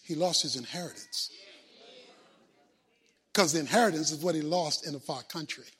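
A man's voice: on the high side, normal speed, fairly bright tone, slightly rough. A man preaching a sermon with an emphatic, repetitive delivery that draws in his congregation. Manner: emphatic, repetitive, call-and-response.

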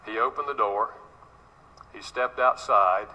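Bright-voiced preacher telling a story. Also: male voice, fairly low pitch, a little slow, muffled recording. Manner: storytelling preacher, addresses congregation directly. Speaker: pastor. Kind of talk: sermon.

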